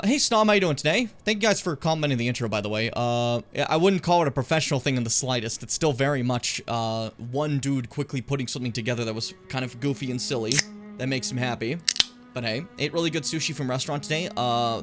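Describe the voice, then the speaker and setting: A man's voice: mid-range voice, fairly quick, soft background music. A young man hosting his own gaming stream from home, chatting casually with swearing and self-mocking asides. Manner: rambling, self-mocking, frequent swearing and fillers.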